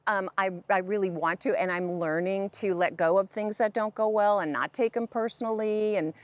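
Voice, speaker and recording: A woman's voice: medium pitch, fairly even intonation, normal speed, no echo. A middle-aged woman, a psychic medium, chatting in an interview and telling stories in which she acts out the voices of other people. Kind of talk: conversational interview.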